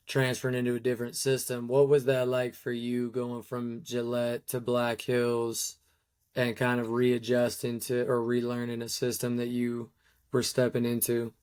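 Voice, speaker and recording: A man's voice: mid-range voice, completely flat delivery, moderate pace, darkish tone, smooth. A young man co-hosting a podcast, chatting casually, laughing along and asking long rambling questions. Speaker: podcast co-host. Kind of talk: casual interview chat.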